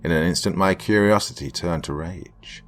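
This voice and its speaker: A man narrating a horror story in an expressive, theatrical way. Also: low voice, moderate pace. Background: faint music.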